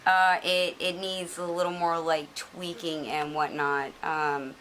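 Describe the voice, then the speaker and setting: A middle-aged woman chats on a podcast, poking fun at herself and cursing casually. Her voice sits a little low but sounds bright and forceful. A faint hiss sits under the recording. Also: flat delivery, slow pace, rough recording. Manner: chatty, self-mocking, swears casually. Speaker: podcast guest. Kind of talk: casual chat.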